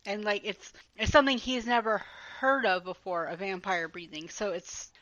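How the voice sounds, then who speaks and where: Wry, bright-voiced woman podcast guest. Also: medium pitch, steady tone, normal speed, no echo, muffled recording. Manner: wry, joking agreement. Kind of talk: casual book chat.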